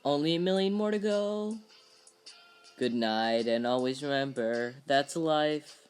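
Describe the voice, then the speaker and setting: A man voicing a troubled, lonely male aspiring comedian in a parody dub of a film script, with a halting, stammering delivery. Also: a little high, smooth, faint music behind, natural voice. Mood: awkward joking.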